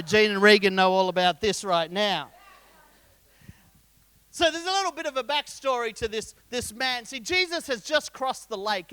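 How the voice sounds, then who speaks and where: Bright, high preacher. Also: male voice, clear, resonant tone, dry recording. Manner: lively storyteller, jokes and quizzes the congregation. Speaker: pastor. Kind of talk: sermon.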